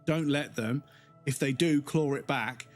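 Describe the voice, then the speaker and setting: A man's voice: mid-range voice, unhurried, faint music behind. A man, a gaming streamer, angrily ranting in a casual live stream full of swearing. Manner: angry, profane ranting.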